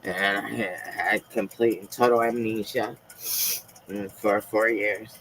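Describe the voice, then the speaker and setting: A woman with a notably low voice speaks softly and haltingly from home, pausing often as she confides in her viewers. Her delivery is emotional and personal over a phone or webcam mic, with a faint hiss of noise underneath. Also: steady tone, poor audio. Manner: soft-spoken and halting, with frequent pauses. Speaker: live streamer. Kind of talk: casual live-stream chat.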